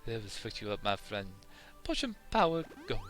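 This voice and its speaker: A man voicing an excitable, flustered young man with a put-on French accent, fretting and theatrical. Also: mid-range voice, moderate pace, soft background music. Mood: frantic.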